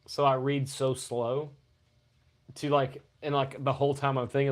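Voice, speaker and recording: A man's voice: medium pitch, little pitch movement, normal speed. Crude, joking male podcast co-host. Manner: crude, joking, loud bursts, profanity. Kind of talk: casual podcast banter.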